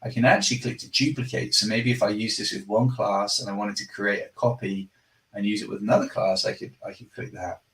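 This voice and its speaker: A man casually presenting a screen-share software demo, chatty and self-deprecating, often restarting his phrases. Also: on the low side, steady tone, fairly quick, far from the mic, low-quality recording.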